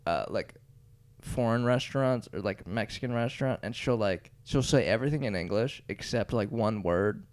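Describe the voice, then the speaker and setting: A man co-hosting a podcast in casual chat, rambling and laughing often, his voice trailing off quietly. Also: on the low side, moderate pace, clear, resonant tone. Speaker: podcast co-host.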